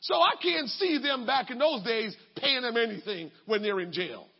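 High husky preacher, lively, emphatic, shouts, dull lo-fi recording. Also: male voice, normal speed. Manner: emphatic, colloquial, bursts into shouting. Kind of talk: sermon.

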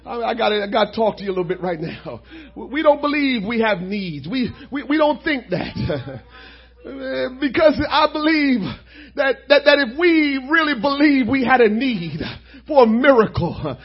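A male preacher with a strikingly high voice delivers a sermon in short, chanted phrases. Each phrase is marked with a rhythmic "uh", and he climbs into shouted, crying peaks. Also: animated, moderate pace, breathy edge, lo-fi sound. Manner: impassioned, punctuating phrases with a rhythmic "uh"; rising into shouted, crying climaxes.

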